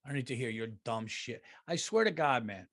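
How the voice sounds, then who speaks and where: A middle-aged man, hosting a comedy podcast and ranting profanely, swinging from loud outbursts to low mutters. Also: big pitch swings, brisk, no echo, clean studio sound.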